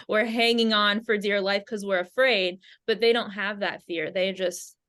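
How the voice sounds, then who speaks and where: A woman explaining her ideas calmly on a podcast, speaking over a video call. Her talk is steady and reflective, with a spiritual bent. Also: mid-range voice, measured pace. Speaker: podcast guest. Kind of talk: casual chat.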